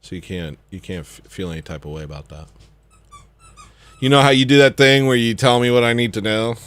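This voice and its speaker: A man's voice: medium pitch, a little fast, a bit bright, no echo. A young man hosting a comedy livestream, rambling and joking as he reads the chat, laughing often. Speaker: livestream host.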